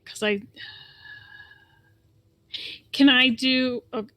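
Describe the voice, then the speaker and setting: A woman's voice: high-pitched, steady tone, normal speed, fairly bright tone. A woman playing a tabletop game, talking hesitantly and breaking off mid-sentence. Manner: hesitant, stops and restarts. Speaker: player. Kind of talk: casual tabletop play.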